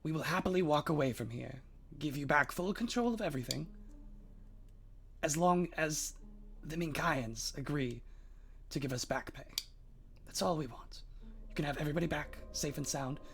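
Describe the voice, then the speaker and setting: A man voicing a proud female kobold dragon mage who speaks formally, with a gravelly voice. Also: on the high side, moderate pace, long pauses, fairly bright tone, soft background music. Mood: pleading, formal.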